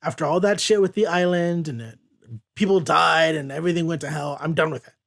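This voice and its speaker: A man reading comic lines as Logan, a gruff and weary male mutant, in a slightly lower, flat voice. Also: a little fast.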